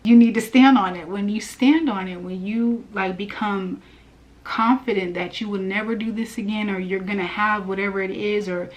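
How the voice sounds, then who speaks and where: A woman's voice: mid-range voice, moderate pace. A woman giving a casual spiritual message, telling a personal story in a chatty way with lots of fillers. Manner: chatty, animated, many fillers and laughs. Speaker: spiritual reader.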